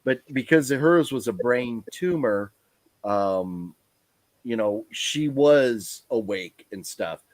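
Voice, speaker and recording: A tired man chats on a live stream, rambling through his thoughts with plenty of fillers and restarts. His voice sits at an ordinary pitch, and the sound is close and dry with no room echo. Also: expressive, takes it slowly. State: tired, yawning. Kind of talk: casual live stream chat.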